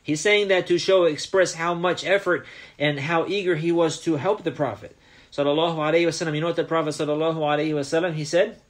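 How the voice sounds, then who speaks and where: A gentle man speaks to young children in a soft, unhurried voice, telling a simple story as their teacher. He keeps checking in with small questions like "huh?" to hold their attention. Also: a little high, fairly even intonation.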